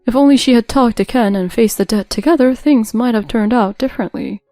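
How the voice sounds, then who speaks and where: A woman playing a kind, sorrowful older mother in a told story, soft and apologetic in every phrase. her voice stays close and dry, with a gentle weariness. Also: a little high, fairly quick, no room sound, soft background music, lightly acted.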